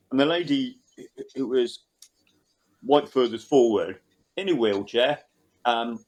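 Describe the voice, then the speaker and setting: A man's voice: mid-range voice, darkish tone, poor audio. A man in a casual interview, telling a rambling story and quoting the people involved.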